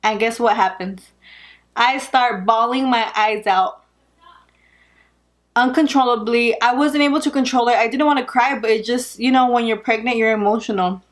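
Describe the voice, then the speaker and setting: A young woman vlogger with a fairly high pitch speaks at normal speed as she tells a personal story. She's casual and animated, laughs often, and says "like" a lot.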